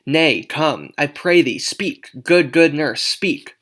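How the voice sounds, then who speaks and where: A man's voice: a little high, animated, takes it slowly. A man voicing Juliet, an impatient young girl, reading her lines aloud with urgent, pleading emphasis. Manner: pleading, urgent, louder than usual. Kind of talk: dramatic read-aloud of a play.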